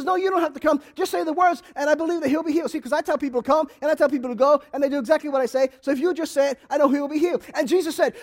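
A man preaching a sermon with passion, addressing the congregation directly and rising to shouts. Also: very high voice. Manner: impassioned, rising to shouts, speaking straight to the congregation.

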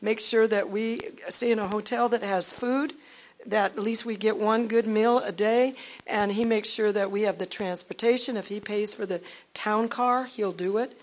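A woman leading a ministry team, telling a faith testimony to a congregation in an animated storytelling way, moving from loud outbursts to near-whispers. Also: mid-range voice, normal speed. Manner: acts out quoted dialogue, swinging from loud to hushed.

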